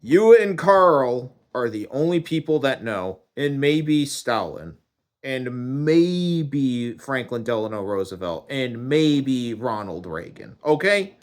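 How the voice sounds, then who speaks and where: A man's voice: mid-range voice, animated, slow pace. A man doing a foul-mouthed, scolding God. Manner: swearing, berating.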